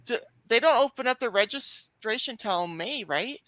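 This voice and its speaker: A woman's voice: fairly high pitch, lively intonation, normal speed, fairly bright tone, no echo. A woman co-hosting a podcast in casual chat, outspoken and restarting her sentences often. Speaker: podcast co-host.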